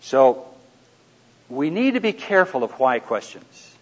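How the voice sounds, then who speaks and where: A man teaching a live audience in a conversational way, asking them questions and dropping into quiet asides. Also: medium pitch, big pitch swings, measured pace. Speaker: seminar speaker. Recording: dull lo-fi recording.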